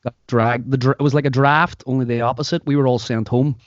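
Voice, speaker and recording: A man's voice: medium pitch, fairly even intonation, fast, no room sound. A man with a Derry accent hosts a podcast in loose, joking banter. The recording is dry and a little dull, as if from a small home setup. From Derry, Northern Ireland. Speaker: podcast host. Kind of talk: casual chat. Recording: dry, slightly dull sound.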